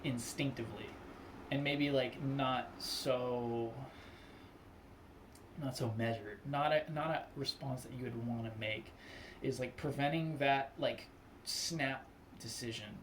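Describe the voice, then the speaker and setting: A young man talking casually on his own, rambling with lots of "like" and acting out quick angry replies. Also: mid-range voice, fairly even intonation, slight background noise. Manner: loose and rambling, full of "like", acts out angry quotes. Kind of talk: casual spoken monologue.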